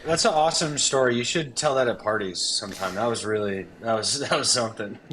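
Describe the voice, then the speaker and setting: A man's voice: medium pitch, quick pace, a crowd in the background, rough recording. A man guesting on a podcast, making dry sarcastic quips in casual banter.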